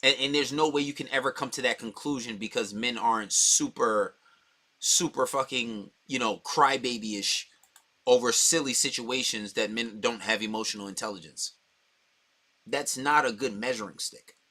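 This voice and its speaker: Blunt, forceful man ranting. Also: mid-range voice. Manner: blunt, profane, heated. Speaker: dating coach. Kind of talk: opinionated monologue.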